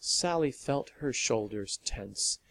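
A man reading a story aloud in a steady, measured narration. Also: mid-range voice, gravelly.

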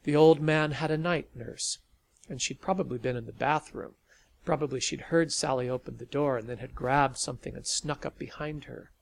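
A man reading a story aloud as an audiobook narrator, in a steady storytelling manner. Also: medium pitch, moderate pace, gravelly.

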